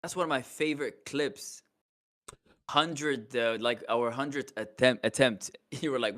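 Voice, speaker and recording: A male streamer chatting casually with a friend, excitable and laughing often. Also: mid-range voice, measured pace. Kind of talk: casual chat.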